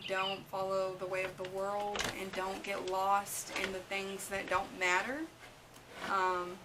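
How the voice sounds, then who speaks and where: A woman talking to camera as a mom vlogger, earnest and unhurried, with many ums and restarts. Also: fairly low pitch, background noise. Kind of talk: casual heartfelt vlog talk.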